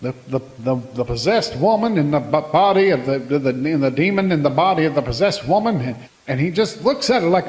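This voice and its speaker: A man comically retelling a horror film in a folksy, halting way, often restarting his sentences. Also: fairly high pitch, expressive, a little mellow, big-room sound, low-quality recording. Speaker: comedic movie recapper.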